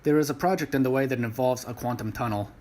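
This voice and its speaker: A man's voice: mid-range voice, quick pace, a little mellow, lightly acted. A man voicing a polite, earnest male soldier hero in his own plain voice.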